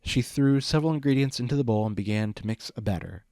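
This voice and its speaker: A man narrates a fan fiction story in an even storytelling voice of middle pitch. The recording is close and dry, with no room sound. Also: fast, few pauses, clear, resonant tone, dry recording. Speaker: reader.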